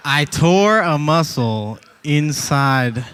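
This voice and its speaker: A man doing a stand-up comedy set, telling stories in an animated way and acting out voices, on a club stage with a handheld mic. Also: fairly high pitch, extremely slow, smooth. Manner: animated storytelling, acts out voices.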